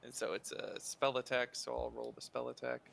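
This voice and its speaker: Gravelly-voiced man playing a game. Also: mid-range voice, completely flat delivery, moderate pace, background noise. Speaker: player. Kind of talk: casual tabletop play.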